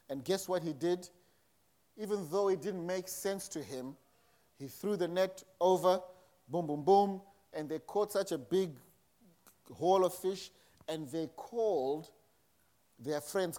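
A man's voice: fairly high pitch, measured pace, long pauses, darkish tone. A man preaching a sermon in a conversational way, acting out quotes as he retells a story. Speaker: pastor.

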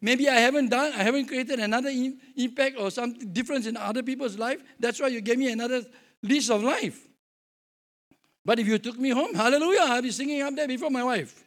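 A man's voice: extremely high pitch, brisk, a bit bright. A man preaching a sermon as pastor, jovial and telling stories with acted-out dialogue.

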